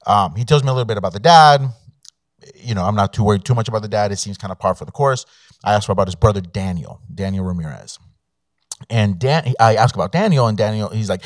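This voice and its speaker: A man's voice: on the low side, a little fast, dry recording, clean studio sound. A man, an immigration attorney, telling a personal story to an audience in a conversational way, with fillers and quoted dialogue. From Mexico. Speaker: immigration attorney, guest speaker. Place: law school event room.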